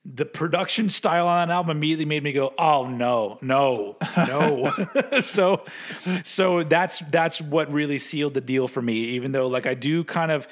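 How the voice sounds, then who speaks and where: Guy rambling on a podcast, laughs a bunch, kinda high voice, swears casually. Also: fairly even intonation, a little fast. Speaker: podcast co-host. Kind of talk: casual chat.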